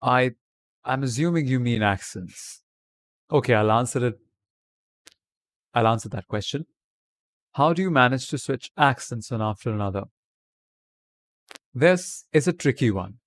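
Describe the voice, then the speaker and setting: A man's voice: mid-range voice, animated, unhurried, long pauses, no room sound. A man from India chatting on a livestream from his home webcam. He answers viewers' comments and talks English in a put-on British accent. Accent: British accent put on by an Indian speaker. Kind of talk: casual livestream chat.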